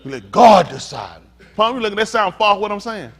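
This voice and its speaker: A man preaching a sermon as pastor, swinging from hushed talk to shouting. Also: high-pitched, animated, brisk.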